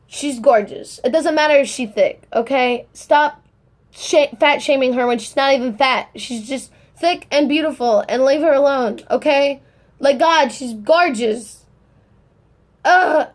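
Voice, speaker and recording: A young woman vlogging in casual chat, gushing and excitable, rambling and swearing as she talks. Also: sits high.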